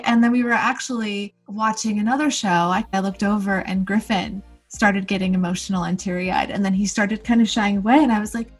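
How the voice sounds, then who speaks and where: A woman's voice: medium pitch, fairly even intonation, brisk, hardly any pauses, faint music behind. A woman co-hosting a casual podcast chat, openly sharing family stories. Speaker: podcast co-host.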